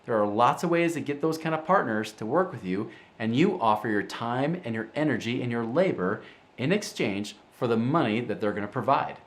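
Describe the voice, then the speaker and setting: A middle-aged man hosts a finance show, chatting casually to camera at a normal speed in a mid-range voice. He's an animated storyteller who acts out the voices of the people in his stories.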